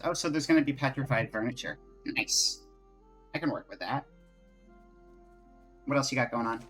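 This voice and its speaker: A man's voice: medium pitch, moderate pace, long pauses, fairly bright tone, faint music behind. A man streaming live, chatting casually and rambling from topic to topic in a self-mocking way. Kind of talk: casual live-stream chat while playing.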